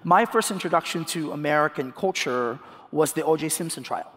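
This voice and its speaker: A Filipino man in his thirties, a guest speaker, talks a little fast in a lively onstage interview, often laughing and restarting with repeated words. His voice is fairly high for a man, and a large hall gives the sound a long reverb.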